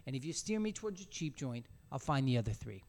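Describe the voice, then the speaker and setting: A man's voice: medium pitch, very animated, fast talker, a little mellow. A man voicing a poor young man who talks in plain, blunt questions.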